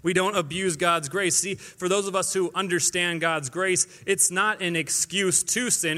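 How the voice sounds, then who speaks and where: A young man preaching a sermon in a lively, conversational way, acting out quotes as he goes. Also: high-pitched, unhurried, few pauses, long reverb tail.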